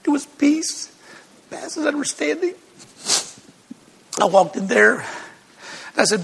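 A man's voice: very high voice, sing-song, takes it slowly, creaky, pauses often, a bit bright, big-room sound. An older man, a pastor, telling a personal testimony to his congregation as an emotional storyteller who laughs between lines.

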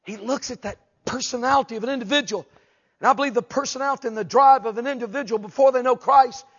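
A man preaching a humorous sermon, acting out voices and shouting for emphasis. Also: extremely high pitch, slightly rough, highs cut off. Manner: animated, jokes and acts out voices, shouts for emphasis.

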